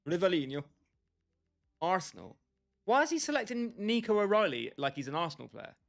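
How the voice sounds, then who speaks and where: A young gaming livestreamer with a high, creaky, fairly bright voice streams a football game. He banters and jokes with his chat, talking straight to viewers by name.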